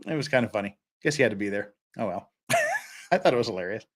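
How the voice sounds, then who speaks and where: A man's voice: mid-range voice, quick pace, breathy edge. A man hosting a casual livestream, chatting and telling stories with lots of laughter. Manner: laughing, animated storyteller. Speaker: livestream host.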